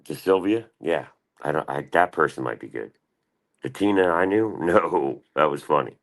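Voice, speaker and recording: A man's voice: extremely low pitch, expressive, normal speed. A man hosting a casual livestream, rambling and swearing as he answers chat. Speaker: livestream host.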